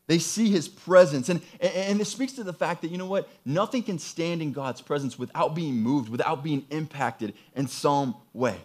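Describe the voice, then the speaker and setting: A man preaching a sermon, reading scripture and then explaining it with emphatic, rising passages and repeated phrases. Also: fairly high pitch. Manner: emphatic, builds to excited peaks with repeated phrases. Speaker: pastor.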